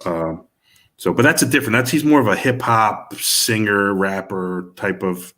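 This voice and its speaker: A man's voice: lowish voice, normal speed, fairly bright tone. A middle-aged man, a music manager, talking in a casual interview and rambling with many restarts and fillers. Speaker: music manager and producer guest.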